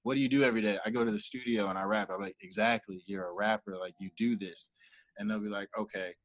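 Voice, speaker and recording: A man's voice: fairly low pitch, steady tone, fast, no room sound. A young man, a manager and entrepreneur, talking casually in an interview and acting out quoted dialogue as he tells his stories. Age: young adult. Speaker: guest, entrepreneur and artist manager.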